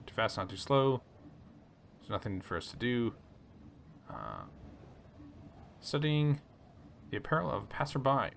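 A man hosting a relaxed let's play, reading story text aloud and chatting about his choices. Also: mid-range voice, unhurried, creaky, pauses often, a little hiss or hum. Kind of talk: casual gameplay commentary reading game text aloud.

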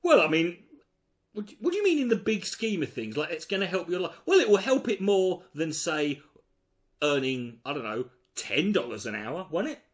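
A man's voice: on the high side, big pitch swings, normal speed. A man giving sweary, mocking reaction commentary on a video. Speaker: commentary host.

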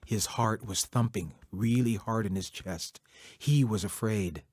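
Husky-voiced male storyteller. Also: fairly low pitch, measured pace, no room sound. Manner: warm, conversational, addresses listeners directly. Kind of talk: oral folk storytelling for children.

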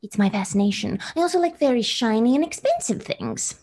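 A woman's voice: fairly high pitch, animated, fairly quick, mellow, breathy edge. Woman playing a prim, lilting 1920s jeweler lady. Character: fussy 1920s woman jeweler who loves shiny things. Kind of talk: tabletop role-play in character.

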